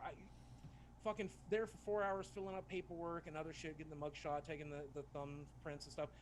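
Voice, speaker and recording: Fast-talking profane man, slightly high. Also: a little hiss or hum. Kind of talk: casual storytelling.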